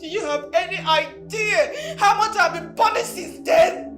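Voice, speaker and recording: Tearful accusing Nigerian wife, very high voice, echoey room, soft score. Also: female voice, animated, unhurried, over music. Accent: Nigerian English. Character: anguished wife accusing her husband, consumed by guilt.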